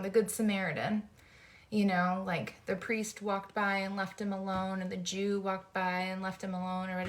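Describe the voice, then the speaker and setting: Earnest woman in her forties, heartfelt. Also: medium pitch. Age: 40s. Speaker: host. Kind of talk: casual faith talk.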